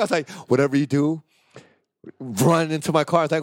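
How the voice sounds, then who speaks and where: A man's voice: brisk, no echo, studio quality. A man telling a story in casual chat among friends. He swears freely and acts out the people he quotes. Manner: animated storyteller, swears a lot, acts out quotes with a jumping pitch.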